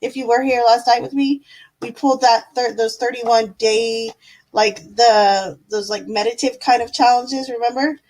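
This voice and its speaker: A woman with a fairly high voice hosts a live tarot stream. Her talk is relaxed and affectionate, full of pet names for her viewers and easy fillers between her thoughts. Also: moderate pace, poor audio. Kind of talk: casual live-stream chat with tarot reading.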